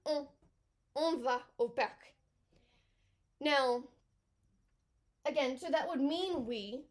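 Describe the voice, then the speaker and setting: A woman's voice: high voice, a little mellow. A woman teaching a lesson, explaining patiently, checking in with "okay?" and stressing key words. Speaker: French teacher. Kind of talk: classroom lesson.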